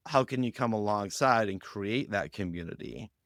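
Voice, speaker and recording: A man speaking as a guest on a podcast interview, explaining ideas with lively anecdotes and acting out quoted lines. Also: lowish voice, moderate pace, no echo, studio quality. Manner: animated storytelling, acts out quoted lines. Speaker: guest on a youth ministry podcast.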